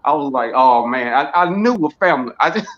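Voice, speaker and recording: A man's voice: a little high, animated, quick pace, a crowd in the background. A man co-hosting a live stream, joking and reading viewer comments aloud. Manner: reads out viewer comments, jokey, laughs. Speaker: co-host of a live gardening stream. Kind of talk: casual live-stream chat. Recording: dull lo-fi stream audio.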